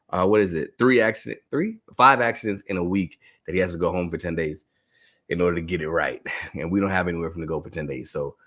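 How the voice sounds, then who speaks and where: Brief: man in his thirties, lower voice, animated live talk to teachers, laughs a lot. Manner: animated storytelling, laughing often. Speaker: educator and speaker.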